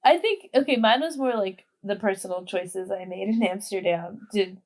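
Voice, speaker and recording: A young woman in her twenties chatting as a podcast guest. Her talk is easygoing and loose, padded with plenty of "like" as she thinks aloud, and her voice sits at a middle pitch. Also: moderate pace. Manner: chatty, leans heavily on "like". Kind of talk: casual chat.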